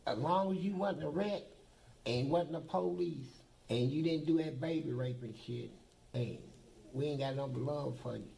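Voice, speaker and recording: A man's voice: a little high, moderate pace, creaky, dark tone, low-quality recording. An older man, a former prisoner, telling blunt, profane stories in a documentary interview. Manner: blunt, profane, boastful storytelling.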